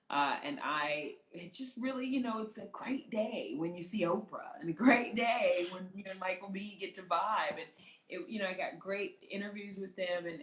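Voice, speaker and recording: Woman journalist telling a story in an interview, animated, acts out the lines, kinda echoey room. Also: lowish voice. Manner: animated, vividly re-enacts the voices of others. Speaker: interview guest, entertainment journalist. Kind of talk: conversational personal storytelling.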